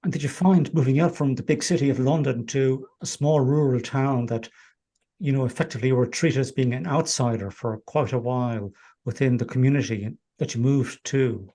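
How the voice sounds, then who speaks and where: Relaxed man hosting an interview. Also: mid-range voice, normal speed. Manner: relaxed, chatty with hesitant fillers. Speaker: podcast host.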